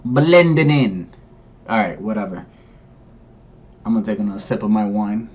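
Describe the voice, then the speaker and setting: A man's voice: on the low side, lively intonation, highs cut off. A man hosting, giving wry, rambling commentary on a stand-up comedy set. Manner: wry, rambling, drawn-out remarks. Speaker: commentary host.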